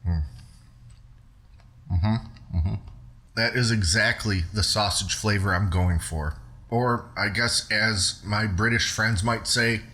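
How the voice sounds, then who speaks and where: A man's voice: low-pitched, sharp tone. A man hosting a cooking video, narrating recipe steps in an upbeat, conversational way. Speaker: cooking show host.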